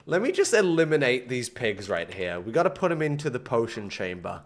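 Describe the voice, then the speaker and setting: A young man commentating his own gameplay live, excitable and self-mocking, talking to chat. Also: medium pitch, brisk, hardly any pauses. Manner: excitable, self-mocking, swings between frustration and laughter. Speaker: gaming streamer.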